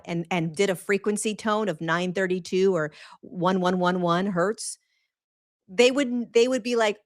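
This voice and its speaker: A woman hosting a spiritual livestream, at a middling pitch for a woman. She talks earnestly and with emphasis, repeating her phrases and drawing out the words she wants to land. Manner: slows right down on key words. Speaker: host of a spiritual talk show. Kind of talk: live-streamed spiritual monologue.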